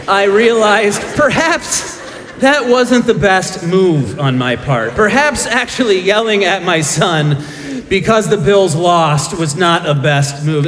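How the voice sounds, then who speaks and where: Middle-aged pastor guy, animated up-and-down voice, a bit high, jokes at his own expense, hall echo. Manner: self-deprecating storytelling with humor. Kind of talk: sermon.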